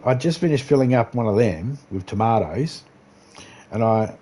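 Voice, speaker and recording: A man spins a loose, rambling anecdote on his gaming stream. His voice sits at a middling pitch, and he swears freely and breaks into laughter often. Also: expressive, moderate pace, mellow. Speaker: livestream gamer. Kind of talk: casual storytelling.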